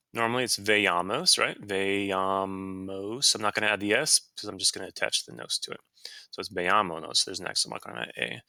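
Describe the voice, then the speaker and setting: A man teaching a Spanish grammar lesson, explaining casually with fillers and quick self-corrections. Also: lowish voice, gravelly, pushed and bright, no echo. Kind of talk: screen-recorded grammar lesson.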